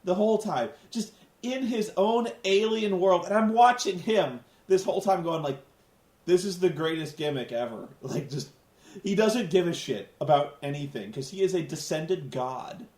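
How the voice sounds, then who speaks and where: A man giving a sarcastic, animated comedic recap of a wrestling show, swearing freely as he rants. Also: high-pitched, moderate pace, echoey room.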